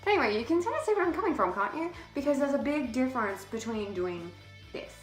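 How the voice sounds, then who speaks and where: A woman's voice: high-pitched, big pitch swings, quick pace, soft background music. A teenage girl vlogging to camera in a casual, chatty way, slightly out of breath, swearing freely and laughing often. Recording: echoey room.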